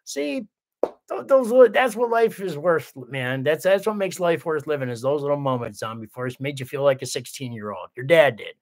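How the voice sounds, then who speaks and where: A man's voice: fairly high pitch, animated, normal speed. A man hosting a casual livestream, reading viewer comments aloud and rambling with lots of swearing and restarts. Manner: rambling, profane, full of restarts.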